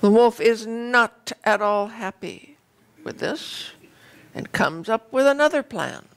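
A woman's voice: on the high side, takes it slowly. Woman minister telling a story. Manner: conversational, animated storytelling. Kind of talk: sermon with storytelling.

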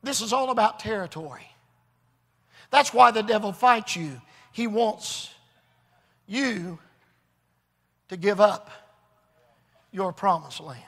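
High, gravelly preacher man in a hall. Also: lively intonation, slow pace, long pauses, a bit bright. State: recovering from Bell's palsy. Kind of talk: revival sermon. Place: large church or revival hall. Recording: long hall reverb.

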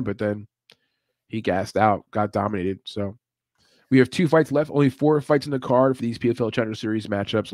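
A man's voice: fairly low pitch, darkish tone, no echo. A man hosting a casual live show, talking loosely with many laughs and asides. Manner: laid-back, chatty, laughs often. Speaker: podcast host.

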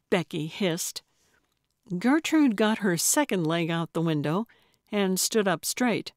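Woman narrator, audiobook, slow even delivery, dry close sound. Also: on the low side, no room sound. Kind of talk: scripted narration.

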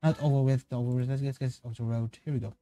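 A man's voice: medium pitch, quick pace, no echo, faint music behind. A man streaming a casual reaction to game cards, rambling and correcting himself as he goes. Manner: rambling, self-correcting, excitable tangents.

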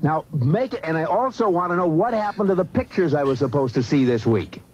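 A man's voice: a little high, expressive, a little fast, darkish tone, highs cut off, slight background noise. A man, a radio countdown host, swearing constantly and venting at his crew in a studio outtake. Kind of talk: profane studio outtake rant.

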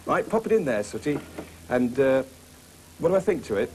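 A man hosting a children's puppet show, playing a brisk, jovial teacher who scolds his puppets. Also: mid-range voice, sing-song, a little mellow, slight background noise.

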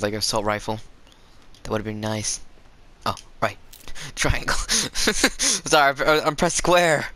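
Male gaming commentator, excitable and rambly, bright tense tone. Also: mid-range voice. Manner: excitable, rambling, swears and laughs often. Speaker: gaming video creator. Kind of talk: live gameplay commentary.

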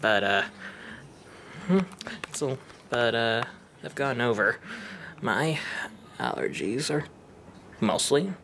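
Man cooing softly at his dog. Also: medium pitch, animated, slow, gravelly, pauses often. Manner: soft doting baby talk, often half-whispered. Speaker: vlogger. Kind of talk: casual vlog talking to his dog. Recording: noisy home video recording.

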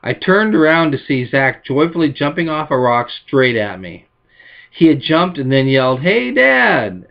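A man's voice: lively intonation, normal speed, lo-fi sound. A male pastor preaching a sermon, telling illustrative stories in a folksy way and lifting his voice for quoted lines. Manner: folksy storytelling, voices quotes with rising pitch.

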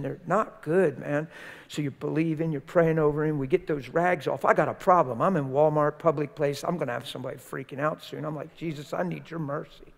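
An older preacher man tells a story from the pulpit in loose, colloquial speech, acting out every exchange. His voice sits somewhat high for a man. The church hall adds a long, trailing reverb. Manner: colloquial, animated, acts out quoted dialogue. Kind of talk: sermon storytelling. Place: church sanctuary.

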